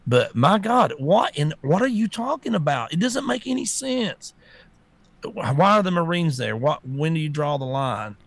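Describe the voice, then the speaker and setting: A man's voice: a little high, sing-song, normal speed, no echo. A man co-hosting a political talk show, stammering and ranting, sometimes mocking others in put-on voices. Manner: stammering, rants with mocking impressions. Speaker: co-host.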